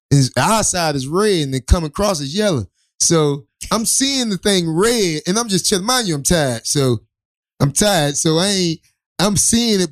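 A man's voice: a little high, dry recording, studio quality. A man co-hosting a talk show, telling a rambling, profane story with many restarts. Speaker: co-host. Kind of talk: casual storytelling chat.

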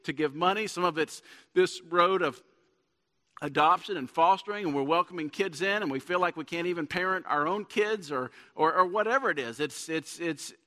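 Preaching in a church sanctuary, this pastor has a high, bright voice with a forceful tone. He speaks earnestly and builds to emphatic points, captured with a long church-hall reverb.

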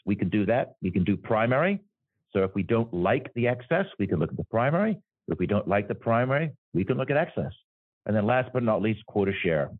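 In dry, phone-like remote audio with no echo, a man with a lowish voice is interviewed about his work as an insurance executive. His explanations are frequently punctuated by a checking-in "right?".

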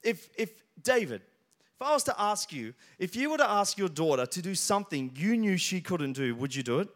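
A man in his thirties delivers a sermon with a noticeably high voice. He tells stories casually, then swells into loud, insistent declarations. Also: very animated, brisk. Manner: storytelling, builds to loud emphatic passages. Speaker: pastor.

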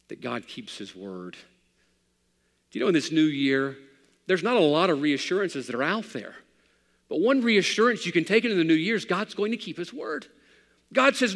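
A man's voice: a little high, gravelly. Preaching man, hall echo. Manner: preaching with wide swings from loud to hushed. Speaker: pastor. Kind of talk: sermon.

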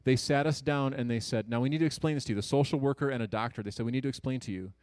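A man in his thirties telling a personal story to an audience in an earnest, conversational way, with quick jokes and hushed asides. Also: medium pitch, no room sound. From Ohio, USA.

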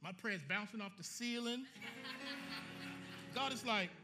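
A man preaching a sermon as pastor, animated and colloquial, joking with his congregation. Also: sits high, unhurried.

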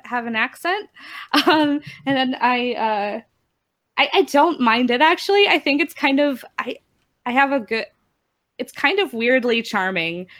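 A woman's voice: high-pitched, a bit bright. A woman co-hosting a gaming podcast, chatting casually, often laughing and restarting her sentences. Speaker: podcast co-host. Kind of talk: casual chat.

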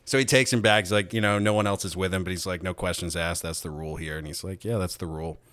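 Young man, very deep voice, dry close sound, casual podcast chat, swearing, rambling. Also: fairly even intonation, fast talker, a bit bright, no echo. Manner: profane, rambling recap with quoted impressions. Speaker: podcast host.

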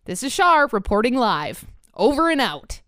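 A woman's voice: on the high side, big pitch swings, moderate pace, a bit bright, clear, resonant tone, no echo, studio quality. A woman playing a comic field reporter in podcast banter who delivers chatty mock-news updates.

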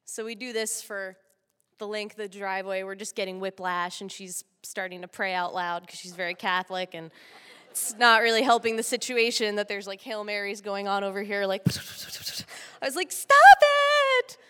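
Woman from Texas, lively stage storyteller, laughs through it, bright tone, long hall reverb. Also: medium pitch, a little fast, smooth. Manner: animated, laughing often. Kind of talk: live comic storytelling.

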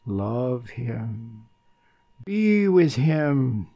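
An older man giving a slow, gentle spiritual talk on meditation, his delivery calm and soothing. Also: mid-range voice. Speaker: meditation teacher.

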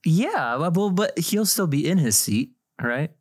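A man's voice: a little high, animated, slow, breathy edge, dry recording, studio quality. A young man, a deacon, chatting casually on a podcast, laughing easily with lots of fillers. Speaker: deacon and seminarian, co-host. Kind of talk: casual chat.

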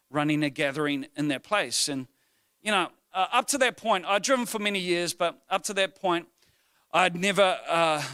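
A male pastor, preaching a sermon through humorous, animated personal stories. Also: fairly high pitch, clean tone, no room sound, clean studio sound.

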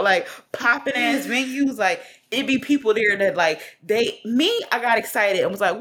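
A young woman in her twenties chats casually as a co-host, her voice sitting a little high and swinging widely as she tells stories. She laughs often and swears freely, keeping the talk loose and lively. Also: normal speed, few pauses. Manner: animated storytelling with frequent laughter and profanity. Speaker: podcast co-host. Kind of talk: casual chat.

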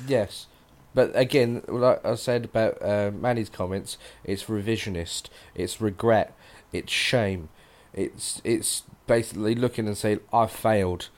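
Guy on a podcast, lowish voice, keeps restarting his words. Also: a little slow, hardly any pauses. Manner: stumbling restarts, storytelling. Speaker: podcast co-host. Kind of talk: casual chat.

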